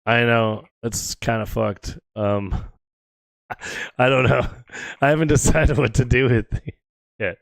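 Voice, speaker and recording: An American man streaming a video game, casually bantering and joking with viewers, swinging between loud excitement and low mumbling. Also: slow pace, gravelly, long pauses, no echo. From United States. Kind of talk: casual gaming chat with viewers.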